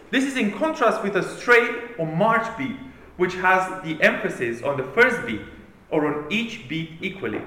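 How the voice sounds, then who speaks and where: High, animated preacher in echoey room. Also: male voice, normal speed. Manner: emphatic, declamatory reading. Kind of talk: sermon.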